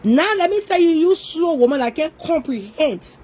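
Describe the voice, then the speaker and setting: A woman delivers a ranting social media commentary in a high voice. She scolds her target directly and circles back to the same points again and again. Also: animated, moderate pace, darkish tone, poor audio. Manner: scolding, repetitive, confrontational. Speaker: online commentator.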